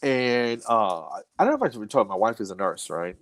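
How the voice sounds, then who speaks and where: A man's voice: fairly low pitch, expressive, fairly quick. A middle-aged man, a comedian, telling a long story in casual chat, mocking himself and laughing as he goes. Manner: self-deprecating, laughs through his stories. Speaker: comedian guest.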